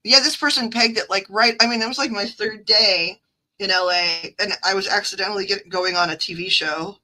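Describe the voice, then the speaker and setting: Midwestern woman rambling on her livestream, bright tense voice, talking into a phone. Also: mid-range voice, steady tone, a little fast, poor audio. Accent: Midwestern American. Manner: chatty and digressive, reading the chat aloud. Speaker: card reader and livestream host. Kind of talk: casual livestream chat.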